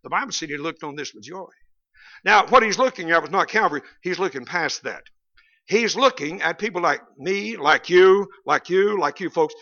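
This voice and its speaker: A man's voice: sits high, expressive, moderate pace, pushed and bright. A male Baptist preacher giving a folksy, humorous sermon that rises to emphatic peaks, recorded in a church on a slightly dull, lo-fi recording.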